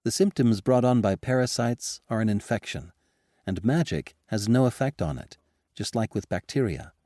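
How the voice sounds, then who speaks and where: Male narrator doing a composed woman doctor, mellow tone, careful delivery. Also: on the low side, animated, moderate pace, dry recording, studio quality, voice pushed up, lightly acted. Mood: firm. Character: female doctor, adult, earnest and composed.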